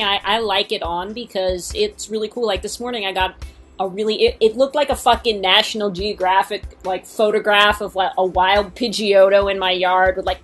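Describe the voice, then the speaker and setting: Podcast co-host, woman, mid-pitched, rambling and sweary in casual chat. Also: a bit bright. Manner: chatty, swears freely, trails off in fillers.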